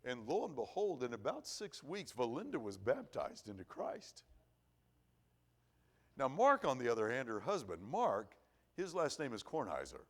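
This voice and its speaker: A middle-aged man preaching in a church at an evening service. He tells a long personal story in an earnest, folksy way, often repeating words as he goes. His pitch sits in an ordinary middle range for a man. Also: huge pitch swings, moderate pace. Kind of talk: sermon. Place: church auditorium.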